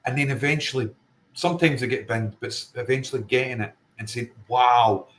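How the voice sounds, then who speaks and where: An earnest Scottish man with a Fife accent, speaking at an ordinary mid pitch as a guest in a casual interview. He talks emphatically and keeps circling back to the same point, with a faint hiss of noise under his voice. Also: fast talker, a bit bright, low-quality recording. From Scotland. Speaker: paranormal investigator guest.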